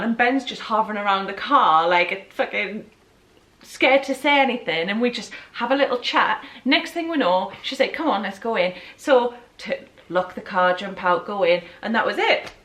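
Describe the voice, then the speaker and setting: A Geordie woman in her thirties, co-hosting a casual chat and telling an animated story with a lot of swearing. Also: fairly high pitch. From North East England. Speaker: co-host. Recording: echoey room.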